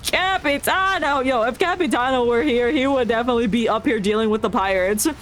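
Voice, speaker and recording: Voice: medium pitch, quick pace, slight background noise. A streamer who reads a game's story aloud and breaks in with playful, joking reactions and frequent laughter. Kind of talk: reading game story aloud with live reactions.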